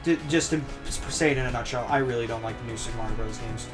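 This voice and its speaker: A man's voice: mid-range voice, racing, over music. A young man chatting casually as a guest on a gaming podcast, stating his opinions in a matter-of-fact way.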